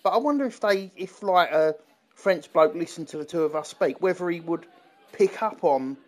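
Podcast guy rambling on, lots of um and like, slightly high voice. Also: moderate pace. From England. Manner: rambling, many restarts and fillers. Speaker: podcast co-host. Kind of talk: casual chat. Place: London.

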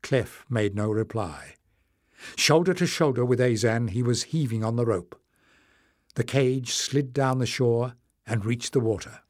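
A man narrating an audiobook in a measured, steady way. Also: mid-range voice, no echo, clean studio sound. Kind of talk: scripted narration.

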